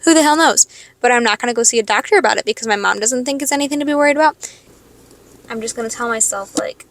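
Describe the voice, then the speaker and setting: Young woman rambling with vocal fry. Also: sits high, rapid-fire, dry recording. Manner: rambling, expletive-laden storytelling. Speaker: podcast host. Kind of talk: casual confessional monologue.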